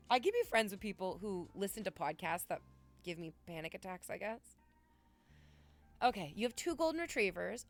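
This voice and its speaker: A woman's voice: mid-range voice, sing-song, brisk. Woman in her 30s streaming, blunt rambly chat, swears a lot, faint music behind. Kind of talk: casual chat.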